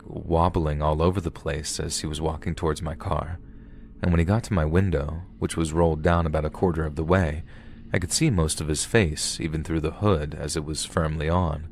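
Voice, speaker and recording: A man narrating a first-person horror story in a calm, steady storytelling manner. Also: very deep voice. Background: background music.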